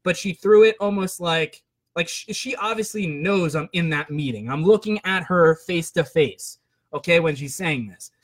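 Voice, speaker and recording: A man's voice: fairly high pitch, normal speed. A man telling a casual personal story to his viewers, rambling and venting his frustration, full of "right?" and "like". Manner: rambling, frequent "right?" and "like" fillers.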